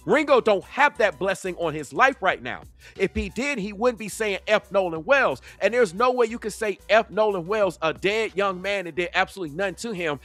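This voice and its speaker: A man with a high, fairly bright voice hosts a livestream commentary channel. He is preachy and emphatic, stretching his words out in a sing-song way.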